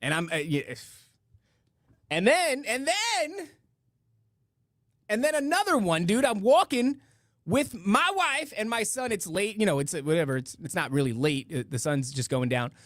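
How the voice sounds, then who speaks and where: A middle-aged man hosts a live-stream show in a loose, rambling way, full of restarts and asides. His voice sits a little high for a man. The sound is dry, with no room echo. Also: sing-song, moderate pace, a bit bright. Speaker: podcast host reading donations and chat. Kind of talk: casual live-stream chat.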